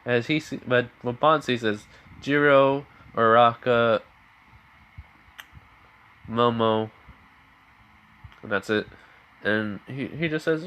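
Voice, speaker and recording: A man casually retelling a fan story, rambling along with lots of fillers and stopping to correct himself. His voice sits at a middling pitch for a man. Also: steady tone, a little slow, long pauses, a bit bright, clean tone.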